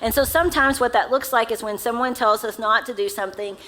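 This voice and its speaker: Bright, high-leaning, and forceful, a Southern woman pastor moves at a quick clip through her sermon in a church sanctuary. She talks to the congregation conversationally and asks them questions, all captured on a low-quality recording.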